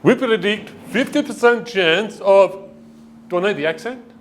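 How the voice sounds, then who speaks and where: A man's voice: a little high, lively intonation, a little fast, fairly bright tone, a little hiss or hum. An actor playing a hesitant young male job recruit who breaks off mid-line to ask a question. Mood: unsure.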